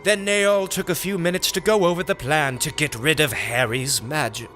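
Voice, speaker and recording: A man narrating a comic nonsense story with a slow, deadpan delivery. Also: a little high, soft background music. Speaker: audiobook narrator.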